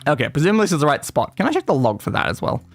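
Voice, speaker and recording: A man's voice: on the high side, huge pitch swings, very fast, no room sound, faint music behind. A man streaming a retro role-playing game, chatting casually and rambling with lots of fillers and restarts. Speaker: gaming streamer. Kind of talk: casual let's-play chat.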